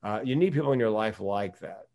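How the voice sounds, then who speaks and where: A man's voice: on the low side, a little fast, creaky, a little mellow. A man from the United States, a podcast guest, talking candidly in casual conversation and laughing often while telling stories.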